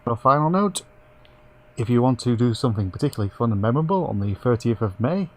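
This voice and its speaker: A man co-hosting a casual gaming podcast, his voice slowed and robotic from a bad internet connection. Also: mid-range voice, lively intonation. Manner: reads out show links in a quick, breezy way. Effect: slowed, robotic-sounding internet connection. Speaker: podcast co-host.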